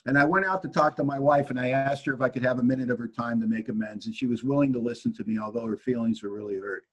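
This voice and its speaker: A man speaking at a recovery meeting, telling his story with animated storytelling and acting out both sides of an argument. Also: mid-range voice, quick pace, slightly rough, poor audio. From Washington state, US.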